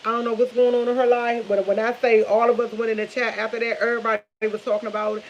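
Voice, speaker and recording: A woman's voice: fairly high pitch, fast talker, slight background noise. Chatty fifty-something woman, lo-fi kitchen audio. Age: 50s. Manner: chatty, animated storytelling with laughs, addresses viewers as y'all. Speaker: vlogger. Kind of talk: casual chat. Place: home kitchen while cooking.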